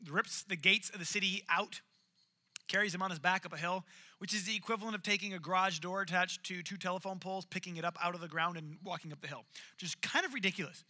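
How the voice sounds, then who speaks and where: Man, sermon, animated storytelling, high pitch, bright tone. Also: fast. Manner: animated, jokey storytelling with acted quotes. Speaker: preacher.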